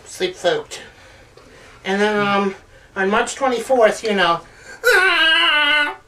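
A man's voice: high-pitched, slow, fairly bright tone. A man co-hosting a casual movie chat, joking and rambling. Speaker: co-host. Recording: distant mic with faint noise.

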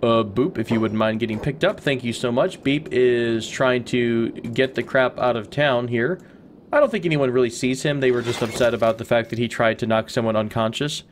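A man's voice: medium pitch, normal speed, slight background noise. A man hosting a let's play, giving casual gameplay commentary, chatty and rambling as he thinks aloud.

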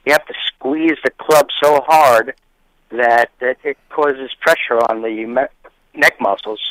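A man's voice: medium pitch, a little slow, fairly bright tone, no room sound, poor audio. A man calling into a radio show who makes dry jokes and explains his product plainly. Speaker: caller, business partner. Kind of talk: phone-in chat.

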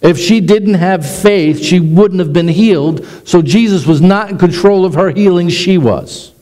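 A middle-aged man, a pastor, preaching a sermon with animated delivery that slows down for emphasis. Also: high-pitched, rough recording.

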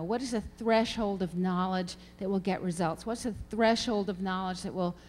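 A woman's voice: mid-range voice, darkish tone, a little hiss or hum. A middle-aged woman researcher giving an emphatic conference talk to an audience, posing questions as she presents her findings. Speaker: reading researcher speaking at a symposium. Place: lecture hall. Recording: long hall reverb.

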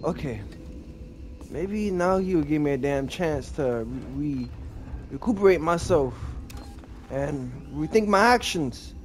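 Man, casual gameplay commentary, rambling, self-mocking, lively pitch. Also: slow, slight background noise. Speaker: gaming video creator.

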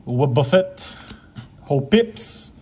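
A man's voice: on the high side, very animated, extremely slow, mellow, husky. A man hosting a casual card-opening chat with a friend, joking and teasing while calling out the cards. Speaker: channel host.

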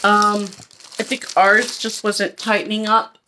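Chatty woman haul vlogger, bright and forward voice, frank and rambling. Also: medium pitch, level tone, measured pace, slight background noise. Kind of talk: casual haul review.

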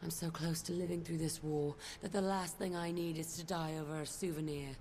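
Blunt female soldier, wry, lowish voice, plain game dialogue. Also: fairly even intonation, brisk, darkish tone. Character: tough, blunt female soldier, loot-hungry.

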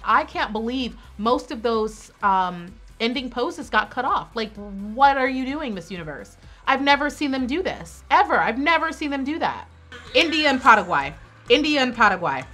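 A woman hosting her own reaction video, giving animated, sassy running commentary with bursts of excited exclamation. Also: fairly high pitch. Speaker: pageant reaction video host.

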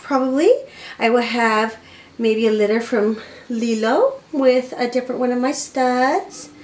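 A high-voiced woman talks casually to camera as a dog breeder and host. She gushes and chats on with plenty of fillers. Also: a little mellow, slight background noise. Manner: gushing, chatty, lots of fillers. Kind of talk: casual vlog chat.

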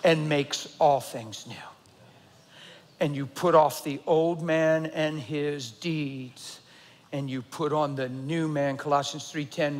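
A middle-aged man preaching a sermon, swinging between loud emphasis and a low, intense near-whisper. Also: fairly even intonation, slow pace, slight background noise. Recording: long hall reverb.

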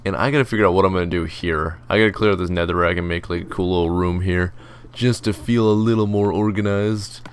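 A man's voice: low voice, fairly even intonation, quick pace. A young man giving casual, rambling gameplay commentary, joking about himself and mimicking his commenters. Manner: chatty, rambling, self-mocking, mimics commenters in silly voices. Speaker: gaming video host. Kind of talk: casual let's-play commentary.

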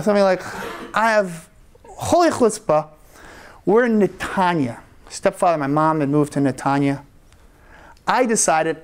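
A man, a rabbi, telling a personal story live at a story slam, animated and laughing often as he acts out the quoted lines. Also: high-pitched. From United States. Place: event stage before an audience.

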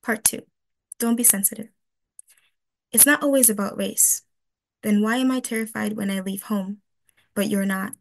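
A woman reading her spoken-word poem on a webinar, slow and pointed, asking question after question. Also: mid-range voice, steady tone, gravelly.

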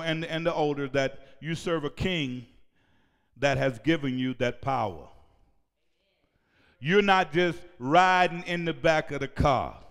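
A male pastor preaching a sermon in a church, shouting at times and leading call-and-response with the congregation. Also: on the high side, clean tone. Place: church sanctuary. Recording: reverberant church hall.

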